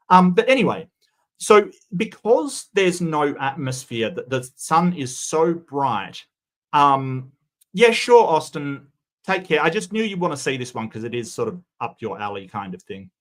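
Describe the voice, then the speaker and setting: A man hosting casual commentary on a video clip, talking in an incredulous way that jumps up in pitch when he objects. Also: a bit bright. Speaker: commentary host reacting to a clip.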